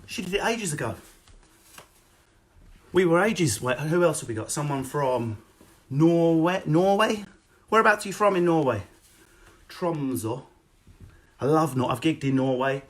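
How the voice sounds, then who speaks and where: A male comedian, ranting through a streamed stand-up set with a slightly high voice. He swings from loud, sweary bursts to quick asides and low mutters. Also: lively intonation. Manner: loud, sweary, rapid comic rant with sudden drops to mutters. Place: at home, no audience.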